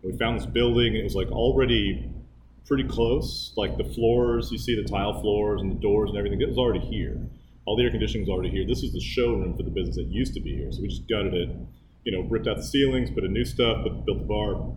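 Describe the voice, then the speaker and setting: Male guest, low voice, easygoing rambling talker, noisy room. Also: quick pace. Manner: relaxed rambling with many fillers. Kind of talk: casual chat.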